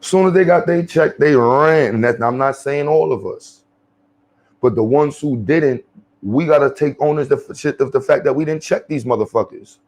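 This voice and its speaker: A man's voice: medium pitch, normal speed, darkish tone. A man hosting his channel, giving blunt, profane off-the-cuff commentary. He rambles with many fillers and restarts.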